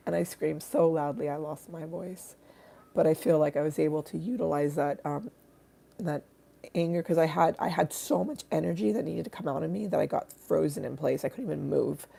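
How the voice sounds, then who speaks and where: Hoarse, raspy woman, low and gravelly, dark tone; rambling casual livestream host. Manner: rambling, many fillers and restarts. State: hoarse from screaming. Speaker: artist hosting a livestream.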